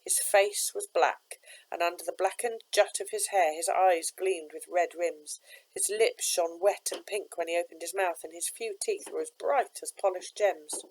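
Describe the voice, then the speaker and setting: A woman, a teacher, reading a children's novel aloud with steady, expressive narration. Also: fairly low pitch, normal speed, low-quality recording.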